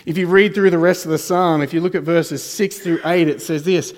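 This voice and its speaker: A man's voice: steady tone, a little fast, hardly any pauses. Preaching man in an echoing hall. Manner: dramatic swings between soft, low asides and raised emphatic lines. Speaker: pastor. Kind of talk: sermon. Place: church hall. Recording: church hall with long reverb.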